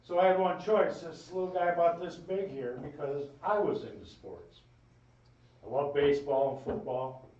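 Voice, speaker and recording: A man gives a eulogy in a folksy, rambling storytelling manner, his pitch mid-range. He is heard from a distance in a reverberant funeral home chapel. The sound is dull, with faint noise behind it. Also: normal speed, a little mellow. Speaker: eulogist, brother of the deceased. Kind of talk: funeral eulogy with family stories. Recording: echoey room, distant mic, dull sound.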